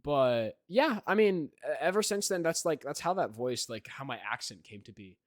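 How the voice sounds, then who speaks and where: A man's voice: fairly high pitch, animated, normal speed, dry recording, studio quality. Rambling teen guy on a podcast. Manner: rambling storytelling, many fillers and "right?". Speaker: podcast host. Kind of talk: casual chat.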